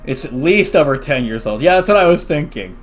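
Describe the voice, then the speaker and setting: Young male let's play host; chatty, animated, reads dialogue aloud over faint game music. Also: a little high, a little fast. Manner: chatty, animated, excitable reactions. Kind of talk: casual game commentary, reading dialogue aloud.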